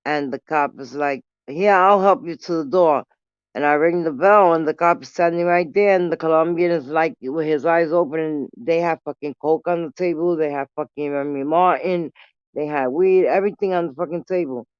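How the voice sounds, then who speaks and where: A woman telling a story casually on her vlog, animated and full of swearing. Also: low voice, a little fast, clean tone, dry recording, highs cut off. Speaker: vlogger.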